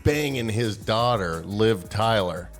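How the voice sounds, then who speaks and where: Brief: low-pitched male podcast host, profane, rambling storyteller, faint music under. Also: takes it slowly. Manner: profane, storytelling, animated retelling. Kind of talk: casual comedic chat.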